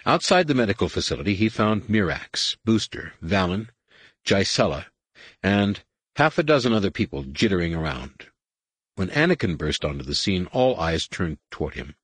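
A man narrating an audiobook in a measured storytelling read. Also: sits low, big pitch swings, a bit bright, breathy edge, no echo. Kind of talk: scripted narration.

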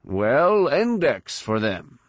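A man doing a brash, cocky commando with a raised, pushy voice pitched well above his usual and drawn out slowly. He teases his leader in a storybook reading, loud and swaggering. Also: very animated, no echo, studio quality. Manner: cocky, teasing. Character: brash, foul-mouthed male armored commando.

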